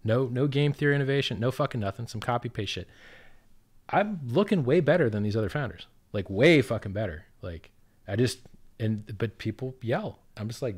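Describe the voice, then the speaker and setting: Profane ranting man, swinging loud and soft. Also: medium pitch, expressive, moderate pace, breathy edge. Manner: swears constantly, loud outbursts and sarcastic quotes. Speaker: crypto project founder, guest. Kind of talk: profane animated ranting in casual chat.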